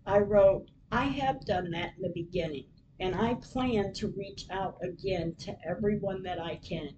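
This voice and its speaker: A middle-aged woman reading her personal diary aloud as a podcast host, in an earnest, heartfelt, unhurried and prayerful way. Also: muffled recording. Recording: distant mic with steady low rumble.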